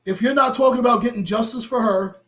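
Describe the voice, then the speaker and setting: A middle-aged man hosting a livestream and talking to his chat, impassioned and blunt, with profanity that builds into shouting. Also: very high-pitched, fast. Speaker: livestream host.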